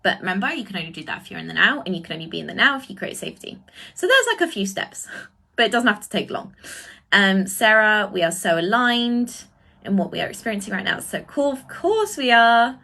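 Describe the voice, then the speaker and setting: A woman acting as a spiritual coach, talking in a casual livestream and answering viewers' comments, with effusive, drawn-out exclamations. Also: medium pitch, expressive, vocal fry, sharp tone. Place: indoors, live video stream.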